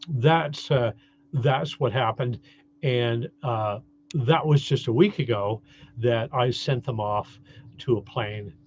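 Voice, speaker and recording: A man's voice: mid-range voice, a little mellow. Chatty Canadian man, slightly lo-fi. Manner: chatty, rambling, cheerful, many fillers and restarts. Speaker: vlogger. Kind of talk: casual update vlog.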